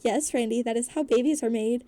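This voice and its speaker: A woman's voice: fairly high pitch, a little fast, warm tone, close to an everyday voice. A woman voicing an exasperated middle-aged mother who scolds her husband dryly in a storybook reading. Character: exasperated middle-aged mom, fed-up wife.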